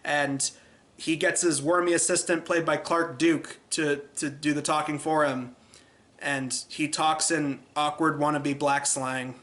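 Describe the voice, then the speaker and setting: Male film reviewer host, chatty and animated, bright and tense tone. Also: a little high, measured pace.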